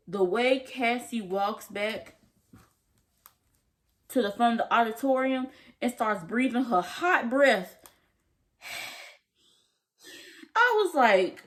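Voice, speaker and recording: A woman's voice: fairly high pitch, lively intonation, takes it slowly, pauses often. A young woman vlogger recapping a TV episode in a gushing, slangy way, acting out the characters' lines as she goes. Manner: gushing, slangy, acts out quotes. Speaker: TV review vlogger. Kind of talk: animated casual recap.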